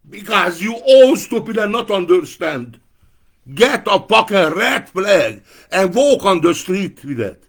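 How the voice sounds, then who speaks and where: A man giving an angry, profane political rant to camera, breaking into shouted outbursts. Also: fairly high pitch.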